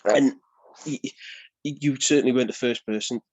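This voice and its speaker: A man, a wrestling guest, telling lively stories in a casual interview and acting out the people he quotes. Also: medium pitch, brisk, muffled recording.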